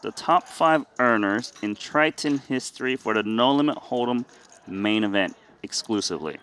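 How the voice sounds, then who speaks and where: A man's voice: mid-range voice, expressive, normal speed, a bit bright, clear, resonant tone. A man from Sacramento commentating a live poker broadcast, playful and teasing as he quizzes his co-host. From Sacramento, California. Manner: playful, teasing, quiz-giving.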